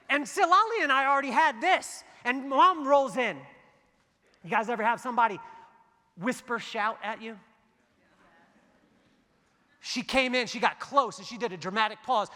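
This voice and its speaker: High, bright-voiced man speaking on stage. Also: moderate pace, pauses often. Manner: animated, jokey storytelling with acted-out dialogue. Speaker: keynote speaker. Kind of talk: motivational keynote storytelling. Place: large hall before a big audience. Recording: long hall reverb.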